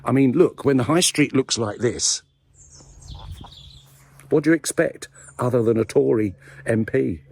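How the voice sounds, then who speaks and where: A man's voice: medium pitch, unhurried, vocal fry, long pauses, a little mellow, husky. A man hosting his own video blog, rambling through a satirical, mock-serious monologue with playful asides, outdoors in a village graveyard. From England. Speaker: video blogger host.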